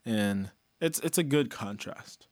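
A man co-hosting a casual chat about a song, relaxed, using lots of "like" and reading lyrics softly. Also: fairly low pitch, slow pace, dry recording, studio quality. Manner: relaxed, many "like" fillers, reads lyrics softly. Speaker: co-host discussing a song.

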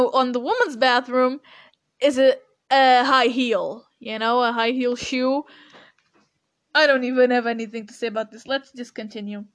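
High-voiced young woman, laughing commentary. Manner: animated, laughs often and hard. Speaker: podcast host. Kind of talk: casual commentary.

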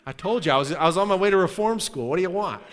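A man preaching in a conversational, animated way, sometimes dropping to a hushed tone. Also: high voice, rapid-fire. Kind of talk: sermon. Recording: long hall reverb.

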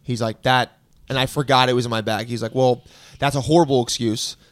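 A man casually telling a story on a podcast, laid-back and deadpan, quoting people in a flat, low voice. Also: brisk, dry recording.

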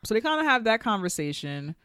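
Animated woman podcast co-host, dry sound. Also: fairly high pitch, fairly quick, smooth, no echo. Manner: animated, acts out characters' lines in quotes. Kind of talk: casual review chat.

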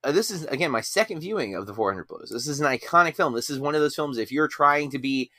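A man's voice: a little high, expressive, fast talker, sharp tone, no echo, clean studio sound. A man hosting a podcast in casual chat, rambling and self-deprecating. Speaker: podcast host.

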